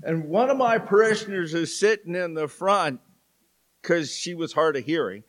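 A middle-aged man preaching a sermon in church, telling stories with dramatic pauses. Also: on the high side, lively intonation, fairly bright tone. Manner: slow, storytelling delivery with dramatic pauses. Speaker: pastor. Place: church sanctuary.

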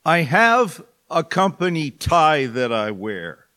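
A man's voice: on the high side, very animated, takes it slowly, bright, forceful tone. A male pastor preaching a sermon in church, with joking, folksy asides to the congregation.

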